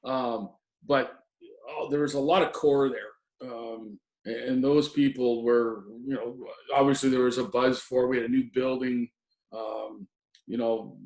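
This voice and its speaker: A man's voice: mid-range voice, steady tone, unhurried, darkish tone. A middle-aged man, a former assistant hockey coach, reminiscing in an interview with many ums and restarts. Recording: roomy echo.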